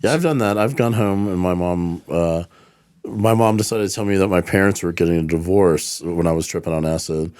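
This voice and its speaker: A deep-voiced man from South Carolina hosts a casual podcast, rambling loosely through his asides. The recording is close and dry, with no room sound. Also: smooth, no echo. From South Carolina, USA. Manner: relaxed, quick reactions, rambling asides. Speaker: podcast host. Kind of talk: casual chat.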